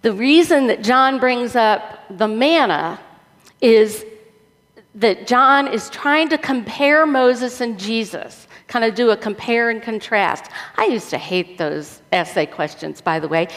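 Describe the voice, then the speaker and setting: A woman pastor preaching a sermon in a deliberate, unhurried way, mixing scripture and prayer with casual asides and light humor. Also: fairly high pitch, animated, big-room sound.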